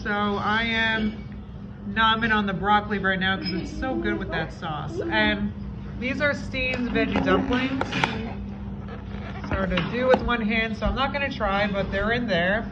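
A woman's voice: medium pitch, measured pace, highs cut off, very noisy. A young woman vlogging at home in casual chat, frazzled and exasperated, talking to viewers through a handheld camera.

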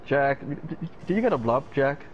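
A man's voice: medium pitch, animated, moderate pace, lo-fi sound, a little hiss or hum. A young man joking and laughing with friends while gaming. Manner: jokey, laughs often. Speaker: gamer. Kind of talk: casual chat while gaming.

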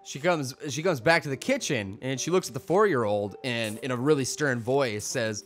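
A man's voice: mid-range voice, normal speed, few pauses, soft background music. A young man casually commenting on a video game he plays, rambling, telling jokes and mocking himself. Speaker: gaming YouTuber. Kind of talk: casual let's-play commentary.

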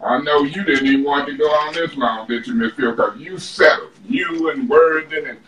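A man's voice: fairly high pitch, moderate pace, fairly bright tone, a little hiss or hum. A man speaking as a city council member in a heated debate, combative and emphatic, recorded from a distance in a council chamber. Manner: combative, emphatic, mocking others in put-on voices. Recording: echoey chamber, distant mic.

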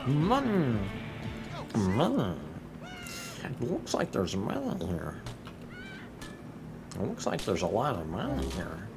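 Gravelly, profane young man playing a game. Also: low voice, wildly swooping pitch, a little slow, long pauses, over music. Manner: profane, joking, riffing on the game. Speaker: gameplay streamer. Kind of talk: casual gameplay commentary.

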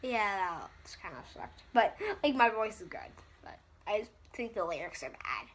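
A woman's voice: mid-range voice, very animated, normal speed, breathy edge. A woman chatting casually in a vlog, rambling, giggly and self-deprecating. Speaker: vlogger.

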